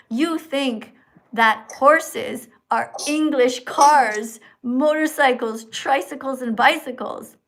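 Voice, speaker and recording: A woman's voice: high-pitched, fairly bright tone. A woman hosting a livestream, preaching and scolding her viewers in a mocking, heated way. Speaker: livestream host. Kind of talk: ranting livestream chat.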